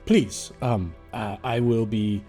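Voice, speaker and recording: A man's voice: lowish voice, takes it slowly, mellow, soft background music. A man voicing a haughty young wizard who speaks in grand, archaic, fawning phrases. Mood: courtly, fawning. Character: haughty pompous young male wizard who abandons his party.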